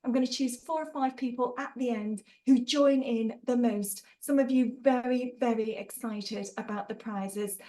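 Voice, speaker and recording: A woman's voice: a little high, fairly even intonation, moderate pace, few pauses, dark tone, poor audio. Bubbly woman hosting a webinar. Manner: bubbly and playful, laughs often, teasing asides. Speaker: trainer hosting an online workshop. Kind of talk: chatty live webinar, reading out chat replies.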